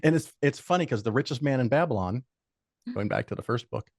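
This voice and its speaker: This older man's mid-range voice is brisk and creaky, captured at studio quality with no room sound. As a podcast guest, he chats casually through animated tales full of swearing and quoted voices.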